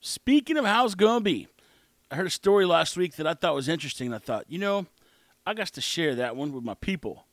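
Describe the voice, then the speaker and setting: A man's voice: on the high side, expressive, brisk, fairly bright tone, no echo. A man hosting his own show, rambling through an opinionated casual monologue. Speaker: podcast host.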